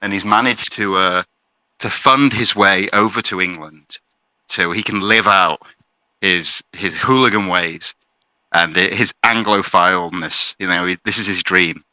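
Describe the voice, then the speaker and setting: A man's voice: deep voice, a little slow, sharp tone, no room sound, rough recording. A man co-hosting a podcast, giving crude, mocking casual commentary. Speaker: podcast co-host.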